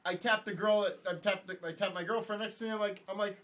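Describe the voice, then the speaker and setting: A man in his thirties with a notably high voice spins a story in loose, casual podcast talk. He stumbles into repeated words, restarts often, and slips into little acted-out voices for the people he quotes. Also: fast talker. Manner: animated, stumbling repeats, acts out quoted lines.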